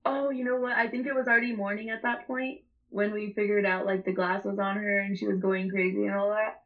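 A young woman tells a rambling story in a casual chat, swearing freely and laughing as she goes. Her voice sits at an ordinary middle pitch. The recording sounds slightly muffled. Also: little pitch movement, a little fast. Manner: rambling, profane, laughs often.

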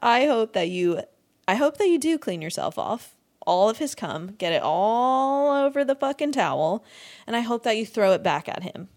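A woman's voice: a little high, big pitch swings, moderate pace, a little mellow. A young woman hosting a podcast, ranting in a crude, exasperated comedic monologue, swearing freely and breaking into laughter often. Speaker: podcast host.

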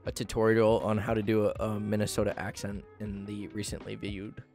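A man's voice: lowish voice, completely flat delivery, a little fast, darkish tone, soft background music. A young man co-hosting a casual podcast, giving goofy hypothetical setups with crude humor. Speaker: podcast co-host.

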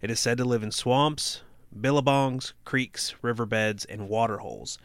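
A man's voice: mid-range voice, moderate pace, fairly bright tone, smooth, no room sound. A young man co-hosting a podcast, reading aloud and chatting casually, cracking dry jokes and swearing. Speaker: podcast co-host.

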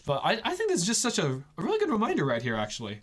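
A man's voice: high-pitched, huge pitch swings, a bit bright. A man hosting a casual faith podcast, joking and laughing between points. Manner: jokey and laughing, quick asides. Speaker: podcast host.

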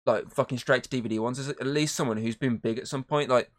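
A male co-host with a medium-pitched voice talks fast in a steady tone during a casual podcast chat. He retells movie scenes in a rambling way, swearing a lot and putting on voices.

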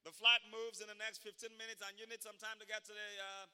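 A man's voice: high-pitched, flat delivery, fast talker, bright, forceful tone, clear, resonant tone, long reverb tail. A man preacher voicing a stern female airport desk agent who insistently keeps calling him "baby". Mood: pushy. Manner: insistent, calls everyone "baby".

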